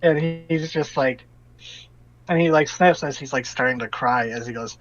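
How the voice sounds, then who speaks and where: A man runs a tabletop game as game master, retelling a frightened character's account and often stopping to restart his sentences. His voice sits at an ordinary pitch and comes through a dull, lo-fi voice chat recording. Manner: halting, restarts often while relaying an NPC's story.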